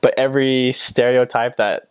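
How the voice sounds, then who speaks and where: A young man from the United States talks in a casual, chatty way, leaning on "like" again and again. His voice sits at an ordinary middle pitch. The sound is dry and close, with no room echo. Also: fairly even intonation, normal speed, clean tone. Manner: chatty, lots of "like" fillers. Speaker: vlogger recalling time abroad. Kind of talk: casual storytelling to camera.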